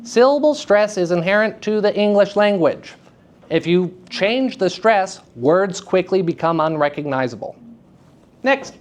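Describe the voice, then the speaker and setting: With lively intonation and a measured pace, a man leads high schoolers through a live drama workshop. He's chatty, pokes fun at himself, and keeps putting questions to the class.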